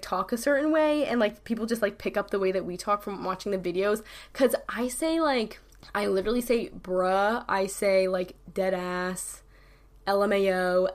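A young adult New Yorker with a New York accent chats casually to the camera as a YouTuber. Her mid-range voice rambles along, heavy on slang and peppered with "like" and "literally."

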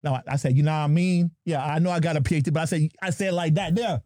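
A man's voice: a little high, racing, darkish tone, dry recording, clean studio sound. A man from New Jersey hosting a podcast, joking and playful as he introduces his guests. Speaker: podcast host. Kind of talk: lively podcast chat.

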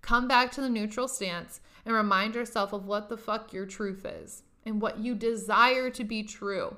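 Podcast host, young woman, bright tone, emphatic and profane, casual motivational delivery. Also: medium pitch, fairly even intonation, moderate pace. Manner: profane, emphatic, laughs often.

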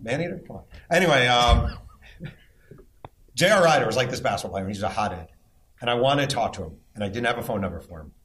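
Man, middle-aged, podcast host, animated storyteller, teasing, live audience chat. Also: mid-range voice, fast, long pauses, a little hiss or hum.

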